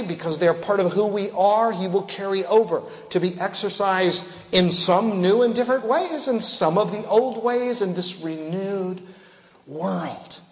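A man preaching a sermon, slow and deliberate, rising to emphatic swells and trailing off into quiet endings. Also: high-pitched. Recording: long hall reverb.

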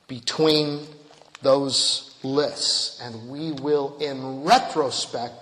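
A man preaching a sermon, slow and deliberate, rising to emphatic swells and trailing off into quiet endings. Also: fairly high pitch. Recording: long hall reverb.

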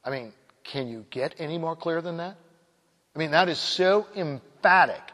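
Guy preaching a sermon, slightly high voice, slows way down to hammer points, echoey hall. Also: fairly bright tone. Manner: emphatic, slows down on key phrases, quoting scripture. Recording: long hall reverb.

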